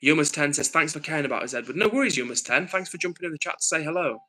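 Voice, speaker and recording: Rapid-fire and a little high, this man's bright, forceful voice comes through poor audio. Hosting a relaxed livestream, the northern English host reads viewer messages earnestly, pondering aloud with frequent ums and restarts.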